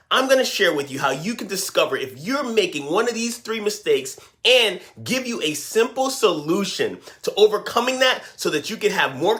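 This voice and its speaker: A middle-aged man coaching parents straight to camera, energetic and emphatic, often putting questions to his viewers. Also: high-pitched. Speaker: parenting and teen life coach. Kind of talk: direct-to-camera coaching talk.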